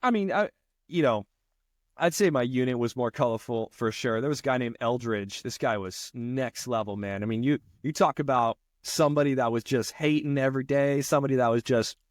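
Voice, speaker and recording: Male podcast guest, easygoing and rambling, mid pitch, close dry mic. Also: fairly quick, no echo. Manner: laid-back, loose, peppered with "you know" and "man". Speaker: guest, Navy veteran. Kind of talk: casual conversation.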